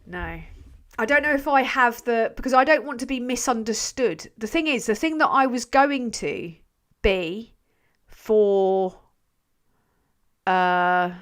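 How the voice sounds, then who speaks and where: An English channel host with a fairly high, expressive, somewhat bright voice takes it slowly while reading viewer comments on a casual live stream. She rambles and pokes fun at herself, swearing freely and letting sentences trail off.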